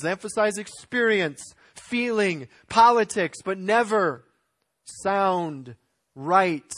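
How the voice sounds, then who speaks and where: High-voiced man preaching, dry sound. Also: fairly bright tone, no echo. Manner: emphatic preaching with rising and falling intensity; clears throat now and then. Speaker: pastor. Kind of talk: sermon.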